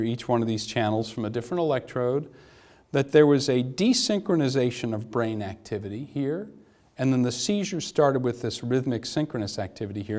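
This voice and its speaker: A middle-aged man giving a conference lecture in an animated, anecdotal way with wry asides. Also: medium pitch. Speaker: academic lecturer. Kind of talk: conference talk. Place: lecture hall.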